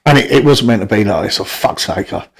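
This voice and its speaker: A man's voice: fairly low pitch, fast. A middle-aged man telling rambling, sweary stories in a casual podcast chat, full of restarts.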